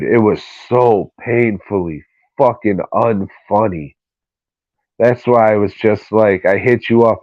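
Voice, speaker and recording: A podcast co-host with a voice on the low side rants bluntly and swears freely in casual chat. The recording is dry, dull and lo-fi.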